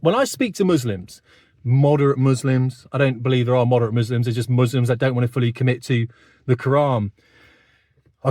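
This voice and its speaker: A British online commentator in his fifties gives a blunt, conversational monologue straight to camera, repeatedly tacking on "mate". His voice is medium-pitched and a little mellow, recorded cleanly in a studio with no echo.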